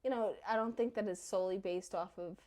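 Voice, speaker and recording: A woman's voice: medium pitch, steady tone, brisk, mellow. A woman in her thirties co-hosting a podcast, chatting casually and freely with lots of "you know" and "like". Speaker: podcast co-host. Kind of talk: casual chat.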